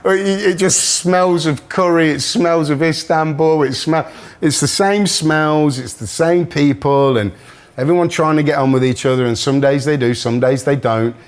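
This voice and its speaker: A man's voice: a little high, normal speed. Chatty man. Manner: chatty storyteller, laughs often. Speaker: musician guest. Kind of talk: casual chat.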